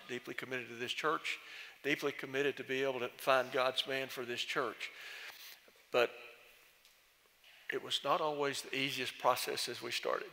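An older man, a former committee chairman, telling gently humorous stories in a speech at a church celebration. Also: mid-range voice. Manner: folksy, gently humorous storyteller. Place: large church sanctuary. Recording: long church reverb.

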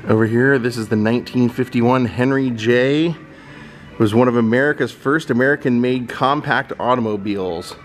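A man's voice: medium pitch, moderate pace, soft background music. A man giving a casual, admiring walking tour of a car museum, thinking aloud as he goes. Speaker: vlogger touring a car museum.

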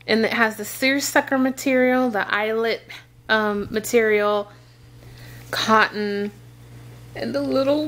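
Gushing, gasping young mom. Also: female voice, a little high, slow, long pauses, a bit bright. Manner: gushing, gasping, repeats "oh my gosh". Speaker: mom unboxing gifts. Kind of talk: excited unboxing vlog.

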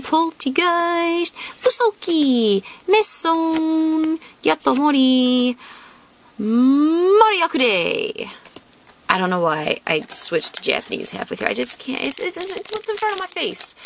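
Bubbly high-pitched woman opening card packs. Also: animated, measured pace, a little hiss or hum. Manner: bubbly, squealing over cute cards, chatty asides to viewers. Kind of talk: casual unboxing chatter.

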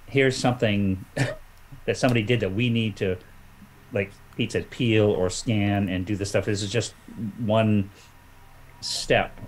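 A man with a very low voice, chatting as a guest comic artist. He rambles through old memories, with plenty of "you know" and restarts. Loose, unscripted conversation. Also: slight background noise, rough recording. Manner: rambling with many fillers and restarts. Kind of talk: casual chat.

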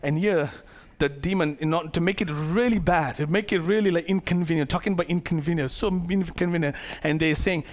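A man preaching a sermon as pastor to his congregation, animated, acting out the characters of the story and joking with the crowd. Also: fairly high pitch, fairly quick, few pauses. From Malaysia. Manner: playful asides to the congregation.

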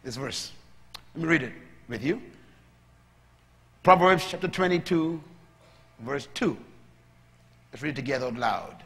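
A man preaching a sermon as a pastor, moving from calm teaching to loud, shouted preaching. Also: medium pitch, measured pace, pauses often. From Bahamas. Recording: long hall reverb.

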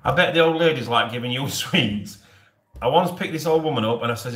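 A Yorkshire man in his forties chats loosely to viewers on a live stream, cracking jokes and laughing as he goes. His voice sits at an ordinary middle pitch and carries a roomy echo from the space around him. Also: a little fast, a bit bright. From Yorkshire, England. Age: 40s. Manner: jokey and rambling, often laughing.

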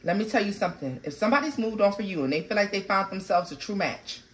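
A woman's voice: medium pitch, quick pace. Blunt, profane woman giving a tarot reading. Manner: blunt, profane, animated storytelling. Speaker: tarot reader. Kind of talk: casual spoken tarot reading.

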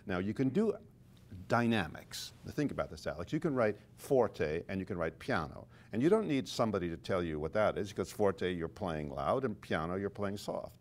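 A man's voice: low voice, big pitch swings, a little fast. An older man, a conductor and author, explaining music with animation in conversation and singing phrases to illustrate his points.

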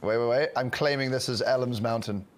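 A young man chatting casually while gaming with friends, excitable and teasing, laughing often. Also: medium pitch, fairly quick. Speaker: gamer.

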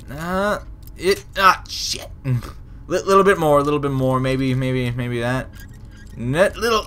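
Slow-talking, swearing gaming commentator man. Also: mid-range voice, bright, forceful tone, a little hiss or hum. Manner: profane, frustrated, laughing at himself. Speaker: gameplay commentator. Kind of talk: let's play commentary.

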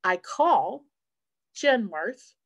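A woman's voice: mid-range voice, extremely slow. Chatty woman telling a story. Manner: chatty storyteller, quotes family in lively voices. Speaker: insurance advisor. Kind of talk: seminar talk with personal story.

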